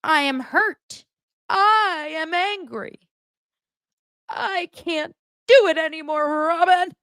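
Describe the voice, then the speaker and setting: A woman doing a sarcastic, melodramatic parody of a whiny, self-pitying middle-aged husband in a high, mock-tearful voice. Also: slow pace, fairly bright tone, no room sound, clean studio sound, full character voice.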